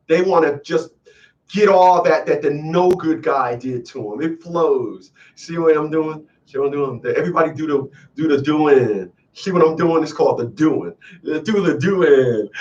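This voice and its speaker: A man's voice: fairly high pitch, moderate pace, far from the mic, highs cut off. A man hosting a call-in show, lecturing emphatically and repeating lines for effect. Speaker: radio call-in host. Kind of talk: preachy call-in commentary.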